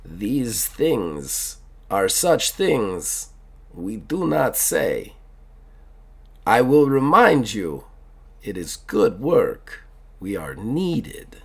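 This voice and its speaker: A man voicing a serious Russian tea shop owner in a tabletop game, speaking slowly and gravely with a put-on Russian accent. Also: medium pitch, big pitch swings, heavily acted. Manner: slow, grave, measured speech.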